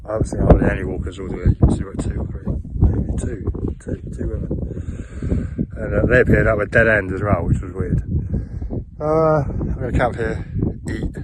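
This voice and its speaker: A man from south-west England keeps a rambling, halting hiking diary outdoors, full of fillers and restarts. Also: medium pitch. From Plymouth, south-west England. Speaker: hiker and vlogger. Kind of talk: casual spoken hiking diary. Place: outdoors on open moorland and in woodland. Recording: outdoor camera audio with wind noise.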